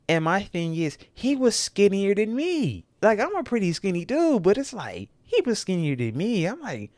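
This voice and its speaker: A young man hosting a podcast, telling a story in a rambling, self-correcting way and growing animated as he retells it, on a close mic. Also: on the high side, normal speed, no room sound. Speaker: podcast host. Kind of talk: casual storytelling monologue. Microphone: close studio mic in a dry room.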